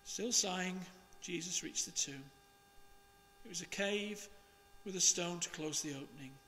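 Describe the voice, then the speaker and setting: A man, a priest, reading the Gospel and preaching in a slow, measured, expressive way. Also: sits high, big-room sound, slight background noise.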